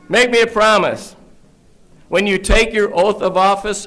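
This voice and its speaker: This Michigan man, with a slightly high, unhurried and fairly bright voice, addresses a graduating police academy class at a ceremony. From a podium mic in a large room, he tells earnest stories, repeats points for emphasis and drops wry asides.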